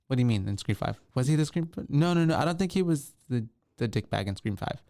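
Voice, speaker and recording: A man's voice: medium pitch, animated, fast talker, gravelly, dark tone, no room sound, clean studio sound. A man co-hosting a casual podcast chat, rambling with many ums and restarts. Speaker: podcast co-host.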